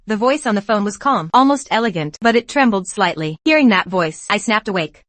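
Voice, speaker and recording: A woman narrates a motion comic at a brisk clip, reading steadily and evenly in a scripted manner. Her voice sits close and dry, with no room sound around it. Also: medium pitch, lively intonation, fairly bright tone, no room sound.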